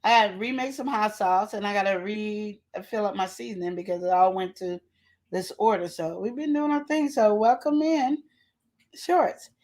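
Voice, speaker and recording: A woman's voice: mid-range voice, moderate pace, a little mellow. A woman hosting a casual live show, chatting and teasing as she talks straight to her viewers. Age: adult with a child. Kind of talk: casual live-stream chat.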